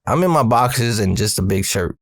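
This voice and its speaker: A man's voice: on the low side, animated, fairly quick, dry recording, clean studio sound. A man casually telling a personal story, slangy and profane.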